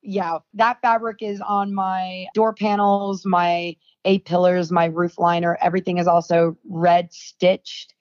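A woman's voice: lowish voice, little pitch movement, measured pace, hardly any pauses, darkish tone. A young adult woman, a podcast guest, telling a story in casual chat and acting out the quoted dialogue. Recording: dull, lo-fi dry sound.

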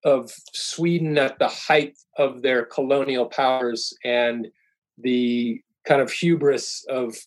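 A man's voice: medium pitch, fairly even intonation, slow, poor audio. A middle-aged man, a podcast guest, telling stories in casual chat and rambling through restarts and fillers.

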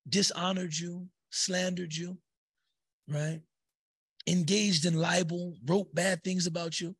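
A man's voice: high voice, fairly bright tone, husky, no room sound. A man teaching a spiritual text in a conversational way, with many fillers and tag questions. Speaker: religious teacher.

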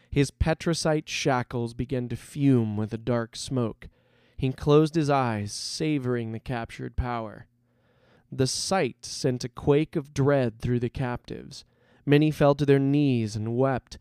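A man reading a fantasy story aloud as narrator, in a measured and dramatic way. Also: mid-range voice, a little mellow, smooth, no echo, clean studio sound.

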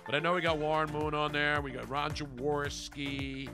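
A man's voice: on the high side, level tone, normal speed, music in the background. A man hosting a sports podcast in casual chat, blunt and opinionated, cutting in over his co-hosts. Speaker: podcast host.

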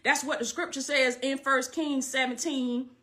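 A woman's voice: high voice, fairly even intonation, moderate pace, bright, forceful tone. A woman preaching fervently, with repeated refrains. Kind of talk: sermon-style online message.

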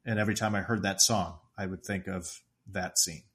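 A man's voice: deep voice, fairly even intonation, fairly quick, a bit bright. A man co-hosting a movie podcast, chatting enthusiastically and laughing easily. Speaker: podcast co-host. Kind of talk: casual podcast chat.

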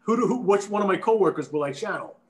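A thoughtful man from New Jersey talking casually about acting. He stumbles over restarts as he thinks aloud, his voice is a bit high for a man, and the room gives it a noticeable echo. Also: lively intonation, quick pace. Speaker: actor, guest. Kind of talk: casual chat.

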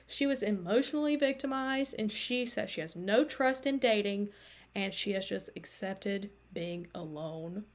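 A woman's voice: medium pitch, measured pace. A woman hosting a podcast, telling a story in a chatty, casual way with lots of fillers. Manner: chatty, animated, many fillers and likes. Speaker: podcast host.

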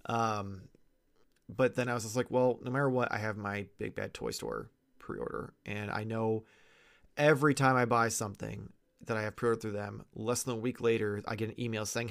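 Gravelly, low-voiced man chatting casually. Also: moderate pace. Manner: stammering, repeats words when starting thoughts. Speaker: podcast co-host. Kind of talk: casual chat.

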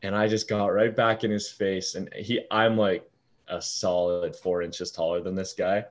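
Deep-voiced young man telling a story. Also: moderate pace. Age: young adult. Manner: animated storyteller, swears freely, acts out quoted lines. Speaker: fast-food shift manager. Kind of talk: casual storytelling.

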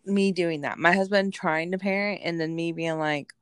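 A woman's voice: lowish voice, steady tone, moderate pace, clear, resonant tone, dry recording, clean studio sound. A woman co-hosting a podcast in casual chat, speaking in an easygoing, conversational way and often agreeing with her partner. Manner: conversational, agreeable, frequent "yeah". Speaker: podcast co-host.

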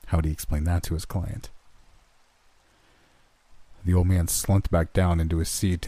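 A man narrates a horror story in a measured, somber way. His voice sits very low, dark and husky, and the recording is dry and close. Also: no room sound.

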